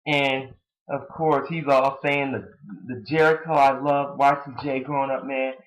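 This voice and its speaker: A man's voice: medium pitch, level tone, measured pace, poor audio. A young man giving a casual, blunt, opinionated review of a wrestling show, rambling with many fillers.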